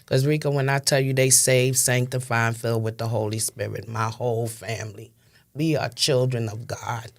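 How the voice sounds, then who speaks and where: A Brooklyn woman in her fifties with a New York accent gives impassioned, emphatic testimony as an interview guest, repeating phrases for stress. Her voice is extremely low, with fairly even intonation and a moderate pace.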